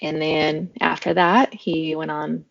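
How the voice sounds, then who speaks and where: A woman's voice: sits low, flat delivery, slow pace, vocal fry, no room sound, dull audio. A young woman from Oregon, a podcast guest telling her story in a casual, rambling way full of fillers. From Oregon, USA. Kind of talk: casual interview chat.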